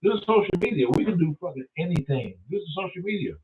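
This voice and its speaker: A man's voice: a little high, expressive, fast, far from the mic, a little hiss or hum. A man hosting his own show, swearing constantly and retelling Bible stories in street talk. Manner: swears constantly, acts out characters in voices. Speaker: host. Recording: tinny phone-like sound, voice off-mic.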